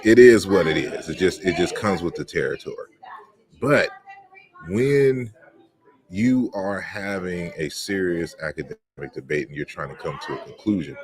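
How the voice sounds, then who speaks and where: A man hosting an open forum discussion, talking bluntly and emphatically, often repeating words as he starts a thought. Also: deep voice. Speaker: host.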